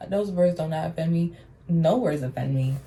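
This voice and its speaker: A woman's voice: low voice, moderate pace, dark tone. Sassy, blunt young woman vlogger. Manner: blunt, sassy and profane, calls viewers honey. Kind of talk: casual get-ready-with-me chat.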